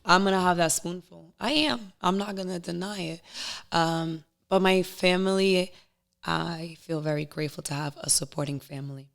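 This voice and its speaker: A young woman guest in a casual podcast chat, telling candid, emotional stories in an animated way. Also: lowish voice, moderate pace, gravelly.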